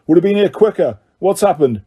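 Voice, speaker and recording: A man's voice: high voice, lively intonation, a little fast, slightly rough, lo-fi sound, voice pushed up. A man voicing a grizzled old male wizard hunter with a wheezy growl and curt speech.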